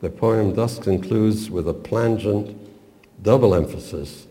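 A man lecturing on expressive poetry reading, with measured, deliberate and precise academic diction. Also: fairly low pitch, big-room sound.

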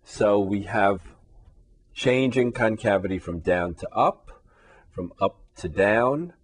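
Slow, husky-voiced male math teacher. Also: lowish voice. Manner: checks in often with rhetorical questions; moves about the board, voice fading as he turns away. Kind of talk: classroom lecture at a board. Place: classroom. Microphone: camera in the room.

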